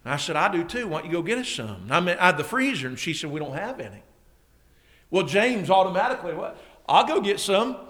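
A middle-aged man, a preacher telling a story in a sermon that builds to excited shouting. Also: a little high, fast talker.

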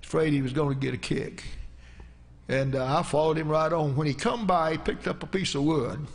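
Brief: preacher, middle-aged, gravelly voice, rambling folksy anecdotes from the pulpit. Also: male voice, on the high side, moderate pace. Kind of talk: storytelling sermon.

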